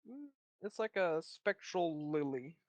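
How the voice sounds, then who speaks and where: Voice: medium pitch, lively intonation, slow pace, darkish tone. A player in a casual tabletop game who talks loosely and swears freely.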